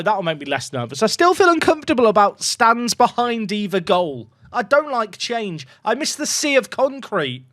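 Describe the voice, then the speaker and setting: A young man commentating his own football management game at home, chatty and excitable, shouting when goals go in. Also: high-pitched, normal speed, few pauses, no room sound, clean studio sound. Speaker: gaming YouTuber. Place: home room.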